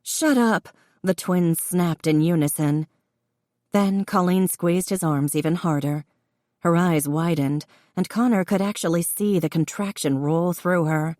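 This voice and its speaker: A woman narrating a novel audiobook in measured storytelling. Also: lowish voice, steady tone, darkish tone, no echo, clean studio sound. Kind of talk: scripted narration.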